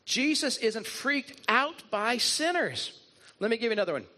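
A man's voice: very high voice, very animated, normal speed, bright, forceful tone. A man preaching a sermon as a pastor, retelling stories in an earnest way and leaning on repetition. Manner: earnest storytelling, leans on repetition.

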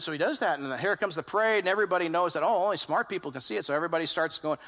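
A man's voice: high-pitched, rapid-fire, few pauses, fairly bright tone. A man preaching a sermon to a congregation, telling stories animatedly and putting questions to his listeners. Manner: acts out quoted voices in his retelling. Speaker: pastor.

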